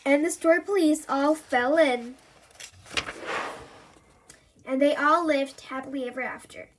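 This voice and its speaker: A woman reading a children's chapter book aloud in an even storytelling manner. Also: high voice, a little slow, long pauses, a little hiss or hum. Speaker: reader.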